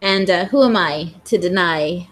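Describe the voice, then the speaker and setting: A woman's voice: on the low side, unhurried, rough recording. A woman playing a wry, easygoing woman who lives simply in a camper. She talks casually and loosely. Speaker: tabletop game player. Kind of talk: in-character tabletop role-play.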